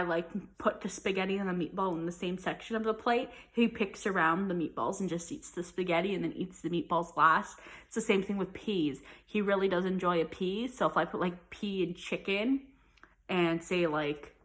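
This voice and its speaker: A woman's voice: on the low side, normal speed, fairly bright tone. A young woman chatting casually in a vlog, rambling with lots of fillers. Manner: chatty and rambling, many likes and ums. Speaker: mom vlogger. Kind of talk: casual chat.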